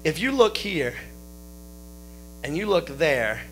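A man preaching a sermon to his congregation, explaining scripture with folksy jokes and friendly asides to listeners, with a steady hum behind him. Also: a little high, slow. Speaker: pastor.

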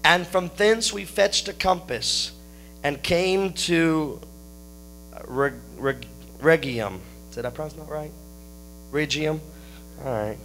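A man preaching a sermon to his congregation, explaining scripture with folksy jokes and friendly asides to listeners, with a steady hum behind him. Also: a little high, slow. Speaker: pastor.

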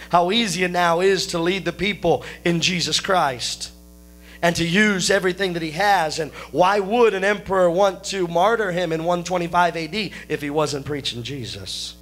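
A pastor with a high voice preaches to his congregation, explaining scripture with folksy jokes and friendly asides to listeners. A steady hum runs behind him.

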